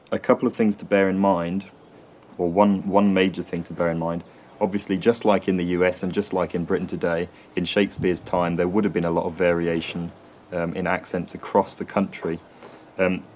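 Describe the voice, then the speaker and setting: A man hosting an educational channel, explaining in a hesitant way with many pauses, fillers and restarts. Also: sits low, a little mellow, a little hiss or hum. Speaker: channel host explaining accents. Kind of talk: educational talk to camera.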